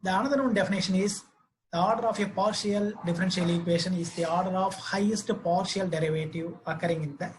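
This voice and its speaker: A man gives a math lecture, reading out definitions and equations slowly with hesitant fillers. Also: high voice, a little hiss or hum, rough recording.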